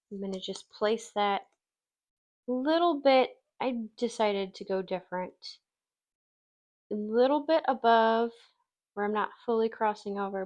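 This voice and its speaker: A woman's voice: a little high, a little mellow. A woman from Wisconsin hosting a casual crafting tutorial, chatty and self-deprecating, laughing easily as she works. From Wisconsin, USA. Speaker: craft channel host.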